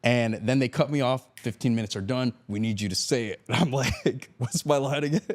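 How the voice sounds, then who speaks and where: A man's voice: mid-range voice, moderate pace. A man from Miami, a guest on an interview podcast, telling a story with lots of laughter and acted-out quotes. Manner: animated storyteller acting out quotes, laughs often.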